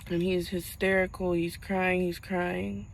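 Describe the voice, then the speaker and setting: A young woman vlogging to camera, telling a painful personal story in a halting voice as she fights back tears. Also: on the low side, flat delivery, vocal fry, slight background noise, poor audio.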